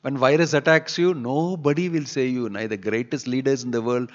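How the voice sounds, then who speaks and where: A man's voice: mid-range voice, fairly even intonation, brisk, muffled recording. A man giving a sermon on scripture, asking scolding rhetorical questions. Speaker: spiritual teacher.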